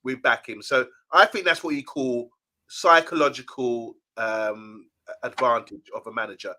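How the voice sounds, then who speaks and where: Male co-host, bright ringing tone, chatty, reads out viewer comments on a live stream. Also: mid-range voice, steady tone, a little slow. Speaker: co-host of a fan channel live show. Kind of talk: casual live-stream chat.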